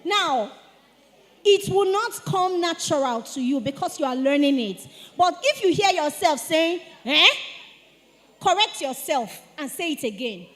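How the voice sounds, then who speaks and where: A woman giving a lively etiquette talk to teenagers at a church retreat, calling on the audience to answer. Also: sits high, unhurried. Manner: animated, asks the audience to respond. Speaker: speaker at a teen church retreat. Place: church hall. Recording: long hall reverb.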